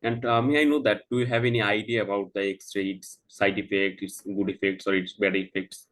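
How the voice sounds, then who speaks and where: Man doing the doctor in a practice consult, lowish voice, lots of uhs, keeps asking do you get me. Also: level tone, fairly bright tone, rough recording. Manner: halting, heavy "uh" fillers, slow explaining; checks understanding with "Do you get me?". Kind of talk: mock doctor-patient role-play.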